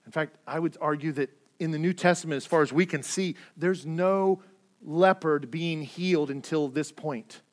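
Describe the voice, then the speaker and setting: Guy pastor giving a sermon, pretty high voice, earnest, stumbles over repeated words when he pushes a point. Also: moderate pace.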